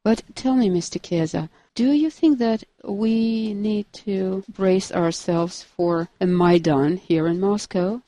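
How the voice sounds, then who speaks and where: A woman's voice: medium pitch, takes it slowly, hardly any pauses, mellow, dry recording. A woman interviewer asking direct, probing questions.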